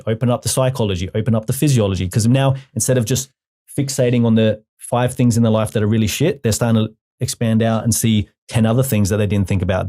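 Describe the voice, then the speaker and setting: A man who trains hypnotherapists, talking as a podcast guest. He explains ideas patiently and leans on humor. His voice sits at a middle pitch and sounds mellow and warm. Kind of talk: casual interview.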